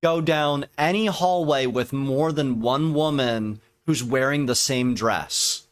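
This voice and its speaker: A man talking on a podcast in loose, casual banter. He is blunt and crude and likes to provoke. His pitch sits at an ordinary middle level. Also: slow pace. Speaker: podcast co-host.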